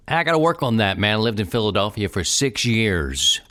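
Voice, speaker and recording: A man's voice: lowish voice, expressive, brisk, hardly any pauses, a bit bright. A man with a Baltimore accent hosting a podcast in casual, rambling solo talk, joking and drifting off topic. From Baltimore, Maryland. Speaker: podcast host.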